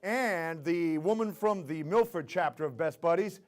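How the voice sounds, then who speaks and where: A man's voice: fairly high pitch, normal speed, hardly any pauses. A man hosting a live charity telethon, joking and hyping up the crowd. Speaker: telethon host. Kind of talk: live emcee banter.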